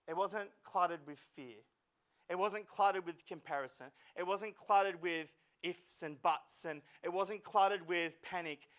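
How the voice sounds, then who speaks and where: A male pastor preaching a lively, dramatic sermon to a church congregation, with jokey asides and voices he acts out. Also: on the high side. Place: church service hall.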